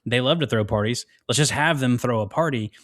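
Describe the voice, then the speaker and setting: A man's voice: mid-range voice, a little fast, a bit bright. A man co-hosting a casual movie podcast, rambling through stories with casual swearing and quoted lines. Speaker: podcast co-host.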